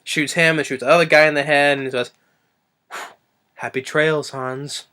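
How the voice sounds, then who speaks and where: A man's voice: steady tone, quick pace, sharp tone, clear, resonant tone. A man reviewing a movie off the cuff, rambling with lots of fillers and restarts. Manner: briefly acts out quotes in a higher voice.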